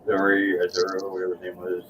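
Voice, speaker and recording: A man's voice: sits low, completely flat delivery, fast, far from the mic, a loud crowd, poor audio. A man hosting a casual chat, telling a rambling, profane story and acting out what people said. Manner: rambling, profane, acts out quotes. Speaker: host. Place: guitar shop or room, San Antonio.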